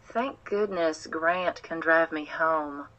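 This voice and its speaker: A woman's voice: low-pitched, takes it slowly, a bit bright, highs cut off. A woman narrating an audiobook as a folksy small-town woman sleuth, speaking in a drawling Oklahoma accent. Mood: dazed, cheerful.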